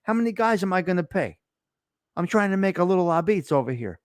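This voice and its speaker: A man's voice: high-pitched, very animated, fast talker, no room sound, studio quality. A man voicing a nervous, flustered gambler who stammers and complains. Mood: whiny.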